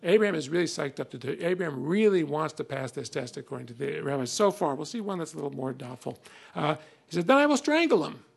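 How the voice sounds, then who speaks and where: A man's voice: on the high side, sing-song, quick pace, gravelly, slightly rough. A man giving a conversational classroom lecture on old texts, reading passages aloud with emphasis between many fillers.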